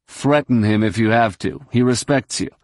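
A man voicing a brisk, commanding middle-aged man giving orders, close to his own voice. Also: mid-range voice, no room sound, close to an everyday voice.

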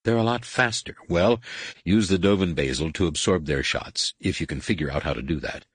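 A man voicing a blunt ship captain who gives short orders, in a husky voice. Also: sits low, moderate pace, dry recording. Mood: terse. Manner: blunt, commanding. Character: terse male ship captain.

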